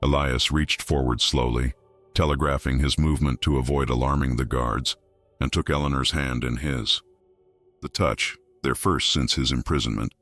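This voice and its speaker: A man reading a scripted story as narrator in a measured, even way, over faint music. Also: rumbling low.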